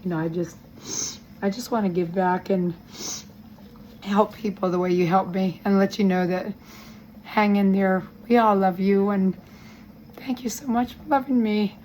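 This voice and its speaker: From a hospital room, a woman records a personal health update as a vlogger, speaking earnestly in a rambling, halting way. Her weak, strained mid-range voice breaks with emotion, with fairly even intonation and a slightly mellow tone. The low-quality recording has slight background noise.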